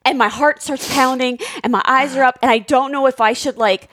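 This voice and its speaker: A woman co-host chats casually, teasing her partner in a wry way. Her voice sits fairly high, and the recording is dry and close. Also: fairly even intonation, fairly quick, a bit bright, no echo. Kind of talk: casual conversation.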